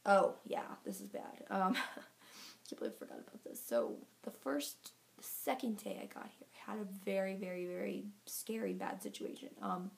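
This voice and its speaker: Woman, vlogger, casual chat to camera, gravelly fry, slightly out of breath, rambling with lots of fillers. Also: medium pitch, sing-song, normal speed. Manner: chatty, filler-heavy storytelling. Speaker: vlogger giving a pregnancy update.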